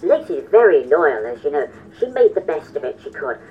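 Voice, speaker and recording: A woman's voice: low-pitched, sing-song, brisk, narrow, tinny audio, a little hiss or hum, voice pushed down. A woman voicing Bert, a nervous, earnest brother who stumbles hesitantly into what he has to say.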